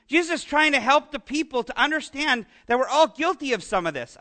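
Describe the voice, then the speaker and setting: High, bright-voiced Canadian pastor. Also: male voice, animated, a little fast. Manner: chatty, joking with the congregation, many restarts and asides. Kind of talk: conversational sermon.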